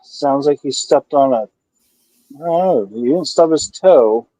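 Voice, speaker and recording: A man's voice: a little high, lively intonation, unhurried, dark tone, no room sound, low-quality recording. A man co-hosting a beer review live stream, filling the gaps with dry joking commentary in casual chat. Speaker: beer review podcast co-host.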